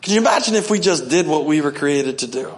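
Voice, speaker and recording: A man preaching a sermon as pastor, animated, often acting out voices and swinging from loud to hushed. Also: a little high, quick pace. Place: church.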